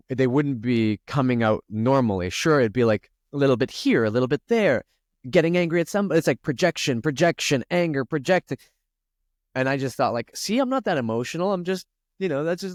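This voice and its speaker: A spiritual coach appearing as a podcast guest talks earnestly and confessionally in a candid, conversational interview, swearing casually now and then. His voice is on the low side and smooth, captured in a dry, studio-quality recording with no echo.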